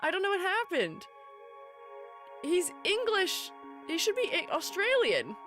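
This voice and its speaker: A woman's voice: very high-pitched, huge pitch swings, measured pace, a bit bright, faint music behind. A young woman chatting casually on her live stream, rambling and playful, often breaking into giggles. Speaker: streamer and art educator.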